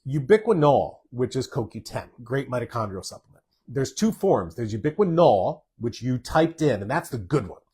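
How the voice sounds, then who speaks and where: A man's voice: medium pitch, very animated, normal speed, warm tone, husky. A man, a doctor, answering viewer questions in a live Q&A, plainspoken and direct as he reads each question aloud and responds. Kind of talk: live Q&A reading viewer comments.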